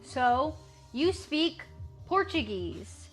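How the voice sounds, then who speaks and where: High-voiced, unhurried American woman streamer. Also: sing-song, soft background music. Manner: playful, chatty, trying out clumsy French phrases. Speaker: livestreamer. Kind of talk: casual chat with live stream viewers.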